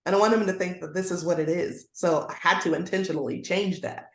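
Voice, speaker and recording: A woman's voice: lowish voice, fairly even intonation, a little fast. A woman guest educator speaking earnestly in a conversational interview, now and then acting out the voices she quotes. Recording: roomy echoey sound.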